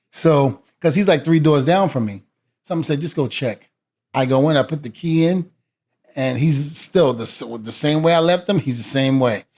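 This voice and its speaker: A middle-aged former wrestler, appearing as a guest, tells an animated story in a fairly high, slightly mellow voice at a moderate pace. He acts out what each person said with shifting voices and laughs in between.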